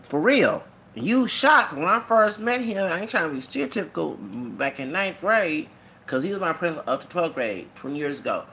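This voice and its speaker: A man's voice: on the high side, normal speed, slight background noise. A man, rambling through a casual monologue with frequent asides and laughter. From Texas. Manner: rambling, animated, laughs often, many asides. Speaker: YouTuber.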